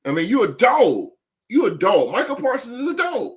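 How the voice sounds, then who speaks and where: A man's voice: very high-pitched, big pitch swings, normal speed. A man hosting a sports podcast, talking emphatically with lots of stammered restarts. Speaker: podcast host. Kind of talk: casual sports talk.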